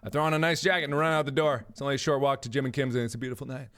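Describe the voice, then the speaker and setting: A man's voice: mid-range voice, little pitch movement, very fast, fairly bright tone, soft background music. A man in his twenties hosting a let's play, reading game text aloud in a goofy, playful way and breaking into silly voices. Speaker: gaming video host.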